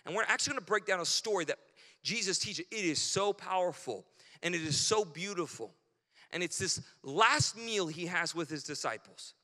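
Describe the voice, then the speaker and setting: A man's voice: high voice, expressive, moderate pace, sharp tone. A male pastor preaching a sermon in a casual, conversational way, often checking in with the congregation. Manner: conversational, keeps checking in with "right?". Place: church sanctuary. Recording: long church hall reverb.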